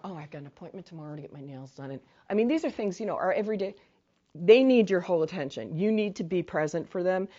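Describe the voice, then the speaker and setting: A woman's voice: fairly low pitch, dark tone, dull audio. A woman trainer leading a workshop in a conversational way, often checking in with "right?" and acting out sample phrases. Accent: New England. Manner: acts out short sample phrases to victims. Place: training room.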